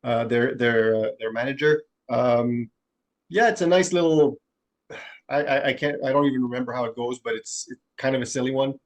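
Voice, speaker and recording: Male co-host, hesitant, halting casual chat. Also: medium pitch. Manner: hesitant, many fillers and restarts.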